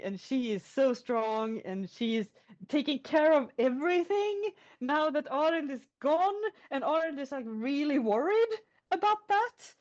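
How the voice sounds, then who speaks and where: Lady storyteller, chatty and lively, highish voice, lo-fi podcast sound. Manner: animated, chatty retelling. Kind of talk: animated storytelling. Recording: lo-fi podcast audio.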